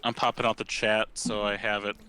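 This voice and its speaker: A man co-hosting a casual podcast, throwing in quick, sarcastic quips. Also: on the low side, level tone, bright, forceful tone, clean tone. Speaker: podcast co-host. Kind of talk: casual live-streamed podcast chat.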